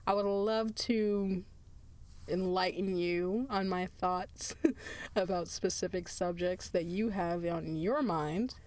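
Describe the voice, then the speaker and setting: A woman's voice: fairly low pitch, fairly even intonation, slow pace, a little mellow. A woman hosting her own podcast in casual solo chat, tired, chatty and laughing often, drifting into asides. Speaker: podcast host.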